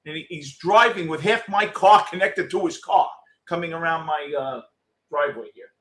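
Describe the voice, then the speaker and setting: A middle-aged man talks casually through a live baseball game for his viewers. His voice sits a little high, and he reacts bluntly and excitably to each pitch, swearing freely as he goes. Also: moderate pace. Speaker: postgame show host.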